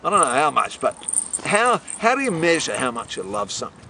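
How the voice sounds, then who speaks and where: A man's voice: a little high, sing-song, brisk, bright, forceful tone, slight background noise. A middle-aged man being interviewed, rambling in a boisterous, swaggering and profane way. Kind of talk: rambling casual interview talk.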